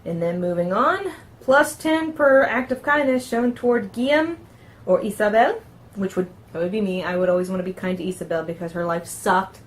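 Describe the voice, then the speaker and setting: A woman with a middle-pitched voice hosts a relaxed tabletop game review. She reads passages aloud from the book in a chatty way, often catching on a word and correcting herself before carrying on with her comments. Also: fairly quick. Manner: chatty, trips over words and corrects herself while reading.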